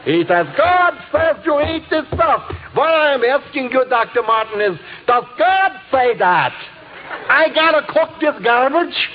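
A man voicing an excitable, exasperated middle-aged German housewife with a high, shrill German accent. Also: a little slow, over music, heavily acted. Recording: tinny lo-fi tape with faint hiss.

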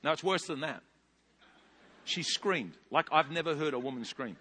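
A man in his fifties with a New Zealand accent, preaching a sermon as a pastor, telling stories animatedly and rising into loud bursts. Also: fairly high pitch, normal speed, breathy edge. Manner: animated storytelling with big loud rises. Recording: long hall reverb.

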